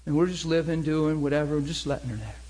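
A middle-aged man preaching, telling a story with animated acted-out dialogue. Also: a little high, fast, rough recording. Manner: animated, acts out both sides of dialogue. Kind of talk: sermon storytelling.

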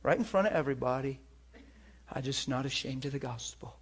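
A man giving a personal faith testimony as a preacher, telling it with animated energy, often laughing and acting out the voices in his story. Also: mid-range voice, brisk, slightly rough.

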